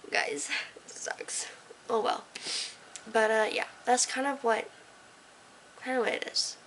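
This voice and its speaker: The teenage girl speaks slowly with frequent pauses, her fairly high, slightly bright voice keeping a fairly even intonation. It's a late-night, casual vlog to camera from her room lit by a desk lamp, sarcastic and rambling, with whispers giving way to energetic outbursts. Audio is poor, with slight background noise.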